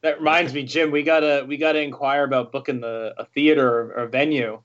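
A man's voice: mid-range voice, fairly even intonation, a bit bright. A man co-hosting a casual podcast, teasing his friends and reading a list of snack hacks aloud with stumbles. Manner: joking, teasing, reads items haltingly. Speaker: podcast co-host. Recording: muffled lo-fi audio.

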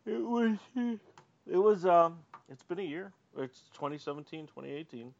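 A man's voice: a little high, lively intonation, measured pace, vocal fry, a little mellow. Blunt sarcastic man, muffled audio. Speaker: podcast co-host. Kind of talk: casual podcast banter.

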